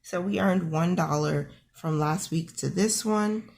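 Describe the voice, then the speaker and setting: A woman with a rough morning voice walks through her family's weekly card expenses, friendly and encouraging as she talks the numbers through aloud. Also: on the low side, unhurried, a little mellow. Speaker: budgeting channel host. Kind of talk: casual screen-share budget walkthrough.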